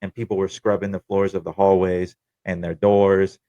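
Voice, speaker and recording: Young man, low voice, dry close sound, casual swearing storyteller. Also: little pitch movement, moderate pace, dry recording, muffled recording. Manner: profane, candid, wry. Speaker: podcast host telling his own story.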